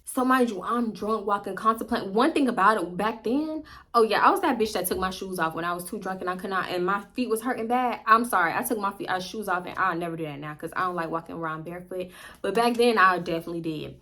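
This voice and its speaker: A woman in her twenties with a Houston accent, telling a story in an animated, profane way to her viewers. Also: on the low side, fast talker. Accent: Houston, Texas. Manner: profane, animated, laughing asides. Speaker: vlogger. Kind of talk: casual storytime monologue.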